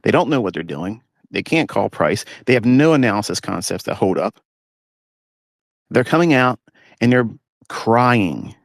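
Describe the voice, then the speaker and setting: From a parked pickup truck, a lowish-voiced man with vocal fry holds a live audio talk as a trading mentor, animated at a measured pace with long pauses. Studio-quality, echo-free audio captures him ranting bluntly and mimicking rivals in whiny voices.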